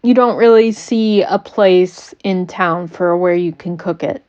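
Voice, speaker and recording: A woman's voice: on the low side, unhurried, darkish tone, muffled recording. A woman running a tabletop game on a stream who teases her players, laughs often and uses many fillers. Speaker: game master.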